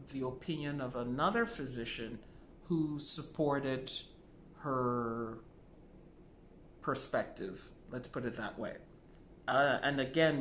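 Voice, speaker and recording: A man's voice: medium pitch, fairly bright tone, reverberant, slight background noise. A man teaching about dreams, telling a personal story in a chatty way with many fillers and asides, and acting out the voices of the people he quotes. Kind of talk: storytelling lesson to camera.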